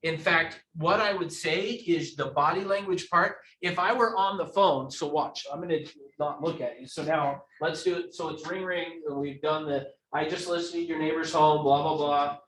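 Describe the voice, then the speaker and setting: A man's voice: on the high side, normal speed, hardly any pauses, fairly bright tone, a little hiss or hum. A man teaching a live real estate training class who acts out examples as he explains them. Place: training room. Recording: echoey room.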